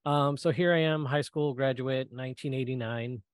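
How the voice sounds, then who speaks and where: A middle-aged man speaks at an ordinary middle pitch, telling a long personal story in a talk. He is animated, his voice leaps when he acts out what people said, and he fills pauses with plenty of ums. The sound is dry and close, with no room echo. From Michigan, US. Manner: animated, acts out quoted voices, many fillers. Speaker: guest speaker.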